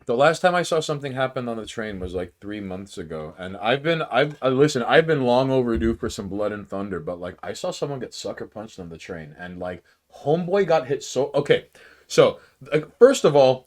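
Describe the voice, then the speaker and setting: A man co-hosting a casual podcast, excitable and swearing freely, often restarting his sentences. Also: medium pitch, fairly quick. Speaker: podcast co-host. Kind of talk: casual chat.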